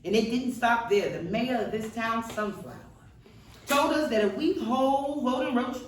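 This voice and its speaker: A woman's voice: fairly high pitch, normal speed, slight background noise, lightly acted. An actress in a seated stage reading, playing a defiant middle-aged Southern woman activist with a Mississippi accent and an earthy, testifying cadence, heard from far off in a roomy hall.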